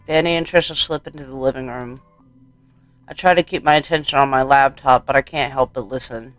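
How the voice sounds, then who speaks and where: A man's voice: mid-range voice, fairly even intonation, fairly quick, a bit bright, no room sound, faint music behind. A man reading a horror game aloud for a let's play, wry and casual, on a close mic.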